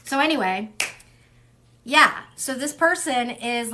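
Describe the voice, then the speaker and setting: A young woman gives a casual tarot reading in a loose, rambling way and often goes off on tangents. She is blunt and salty and swears without a second thought. Her talk is packed with "like" and "um." Her voice sits at an ordinary pitch for a woman. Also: measured pace, fairly bright tone, slight background noise. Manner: chatty, wanders off on tangents; fills with "like" and "um". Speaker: tarot reader.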